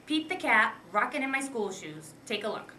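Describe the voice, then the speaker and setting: Bright-voiced woman teacher. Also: fairly high pitch, sing-song, normal speed, slight background noise, low-quality recording. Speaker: first grade teacher. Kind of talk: book talk.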